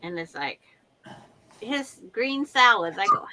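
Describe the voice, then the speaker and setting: A woman's voice: mid-range voice, animated, slow, bright, forceful tone, rough recording. A woman hosting a livestream chat over a video call from home, telling chatty stories and acting out quotes. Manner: chatty storyteller who acts out quotes. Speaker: host of a sewing livestream. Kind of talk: casual chat.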